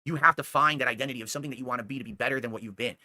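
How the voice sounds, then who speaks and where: A man's voice: mid-range voice, racing, bright, forceful tone, dry recording, studio quality. A man delivering a heated, profane ranting monologue aimed at a rival, scolding him and asking again and again whether he understands. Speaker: streamer.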